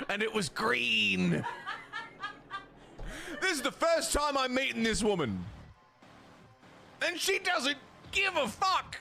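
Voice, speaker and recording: A man chats casually on a gaming livestream, swearing freely and laughing at his own stories. His voice sits high and swings widely in pitch. Clear background music plays under him. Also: big pitch swings, takes it slowly, long pauses. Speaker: streamer.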